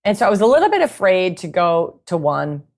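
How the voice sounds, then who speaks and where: A woman guest in a casual interview, telling stories in a chatty, animated way and laughing often. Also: lowish voice, a little fast. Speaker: guest musician and knitting author.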